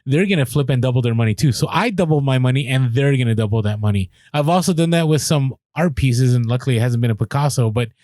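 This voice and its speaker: A man co-hosting a casual podcast, chatty and quick with asides, often restarting his sentences. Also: medium pitch, darkish tone, dry recording, studio quality. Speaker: podcast co-host.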